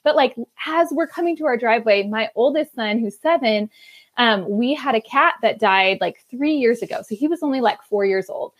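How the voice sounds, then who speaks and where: A woman in her thirties, a guest author on a podcast, telling stories in an animated, lively way with quoted voices. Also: on the high side, moderate pace. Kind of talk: conversational podcast interview.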